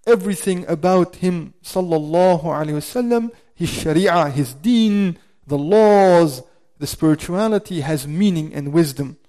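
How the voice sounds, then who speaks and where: A man gives a religious lecture in a warm, dark-toned voice that sits a little high. He breaks down Arabic terms word by word, weighting the key ones, and now and then drifts away from the mic. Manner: recites Quranic Arabic quickly. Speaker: Islamic lecturer.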